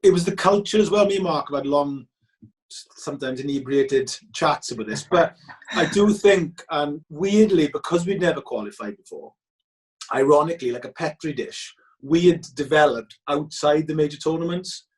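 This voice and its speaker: A man's voice: fairly high pitch, moderate pace, rough recording. A Welsh man telling football-trip stories in casual chat, acting out the voices of the people he quotes. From Wales. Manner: animated, acts out quoted voices. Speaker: guest.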